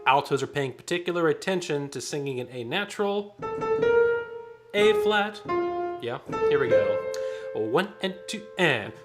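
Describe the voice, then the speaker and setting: Choir director counting off beats. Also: male voice, a little high, animated, moderate pace, long pauses, loud music behind the voice. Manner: counts off beats and sings lines to demonstrate. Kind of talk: choir rehearsal instruction.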